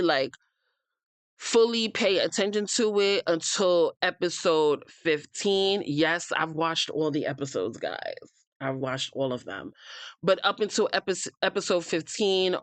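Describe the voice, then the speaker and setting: A woman's voice: lowish voice, no room sound. A woman from the United States hosting a reality TV recap, talking bluntly and heatedly, swearing freely and addressing the cast members directly. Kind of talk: opinionated casual recap.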